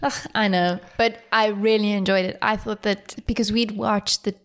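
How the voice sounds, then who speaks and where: A woman's voice: medium pitch, steady tone, moderate pace. Young woman, chill podcast cohost, easygoing chat. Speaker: podcast co-host. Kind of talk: casual chat.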